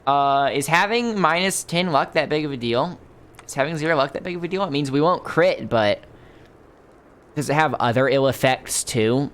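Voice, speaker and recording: A man's voice: fairly high pitch, normal speed, a bit bright, smooth. Wry man narrating his gameplay. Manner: wry, musing aloud, joking. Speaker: gaming channel host. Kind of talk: let's play commentary.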